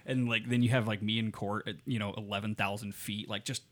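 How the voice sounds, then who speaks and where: A man's voice: fairly low pitch, fairly even intonation, fairly quick. Young guy from around vegas on a podcast, swears a lot, jokes around, keeps it loose. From Las Vegas area, Nevada. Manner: profane, joking, does mock voices in anecdotes. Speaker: podcast co-host. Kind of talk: casual chat.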